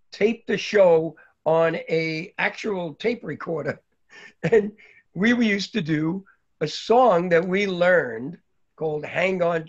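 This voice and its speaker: An older man from New York telling a long, rambling story about his early days, with many fillers along the way. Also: high-pitched. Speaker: guest speaker. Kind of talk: anecdotal storytelling. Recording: dull lo-fi recording.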